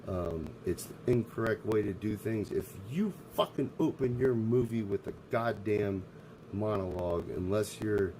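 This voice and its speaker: A man's voice: fairly low pitch, unhurried, noisy background. A man streaming live, ranting in a profane, abrasive way. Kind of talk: casual livestream rant.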